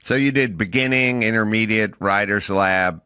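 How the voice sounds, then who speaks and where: A middle-aged man hosting a podcast, telling stories in casual chat and acting out quotes loudly. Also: fairly low pitch, normal speed, clean tone. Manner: animated storyteller, acts out quotes loudly. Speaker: podcast host.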